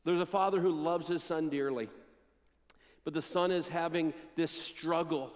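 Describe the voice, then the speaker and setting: Man, pastor, high voice, dramatic storytelling sermon, long reverb of a church hall. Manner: storytelling, acts out Bible quotes with dramatic pauses. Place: church sanctuary.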